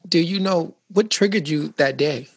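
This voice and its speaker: A man's voice: a little high, normal speed, slightly rough. A man interviewing a guest, supportive and asking probing questions. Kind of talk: podcast interview.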